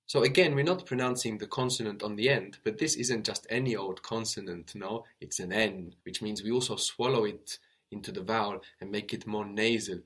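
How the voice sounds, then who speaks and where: A man's voice: on the low side, a bit bright. Patient man teaching a language lesson. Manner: explains slowly, spells out words, checks with "no?".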